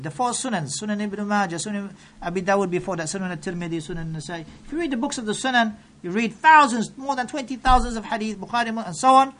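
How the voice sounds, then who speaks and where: A man gives a sermon at a brisk clip. He is emphatic and keeps putting rhetorical questions to his listeners. He rattles off quoted scripture quickly between his points. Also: sits high, fairly bright tone, a little hiss or hum. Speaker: preacher.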